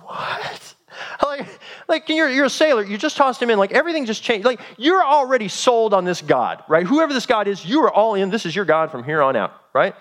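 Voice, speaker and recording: A man preaching a sermon, retelling a story in a lively, dramatic way and acting out the characters. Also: sits high, fast, few pauses.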